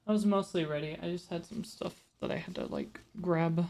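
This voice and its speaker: A woman's voice: fairly low pitch, steady tone, moderate pace, vocal fry, hardly any pauses, dark tone. A woman streamer chatting casually with her live audience, rambling and talking straight to her chat. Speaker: VTuber streamer.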